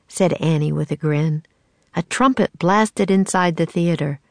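A woman narrating a children's storybook in a measured, expressive reading. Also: deep voice, no echo.

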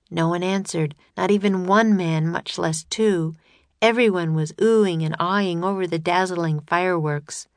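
Audiobook narrator, woman, low-ish voice, steady storytelling, close and dry. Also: moderate pace, dry recording.

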